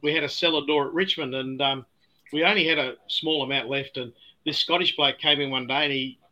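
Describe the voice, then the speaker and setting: Bright-voiced older Australian man. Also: medium pitch, steady tone, a little fast, poor audio. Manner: warm anecdotal storyteller, laughs often, repeats words. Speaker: guest distiller. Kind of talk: casual storytelling chat.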